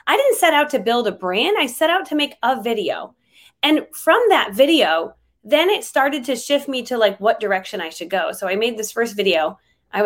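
A woman speaking as a guest in a casual interview, chatty and lively, with frequent fillers and laughs. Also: fairly high pitch. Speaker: interview guest, online trainer.

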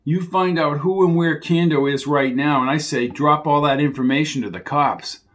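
A man's voice: a little high, moderate pace, a bit bright, close to an everyday voice. A man voicing a level-headed male investigator who talks plainly and in a businesslike way.

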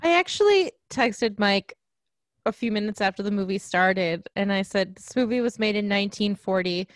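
A woman's voice: medium pitch, lively intonation, normal speed, dry recording. A woman co-hosting a podcast in casual chat, joking and wry as she talks. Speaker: podcast co-host.

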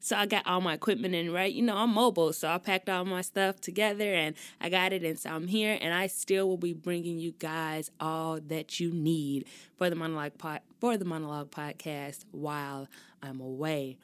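A woman's voice: on the low side, moderate pace, clear, resonant tone, dry recording. Chatty young woman podcast host, dry sound. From Chicago, US Midwest. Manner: chatty, animated, laughs often, slangy. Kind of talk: casual solo podcast chat.

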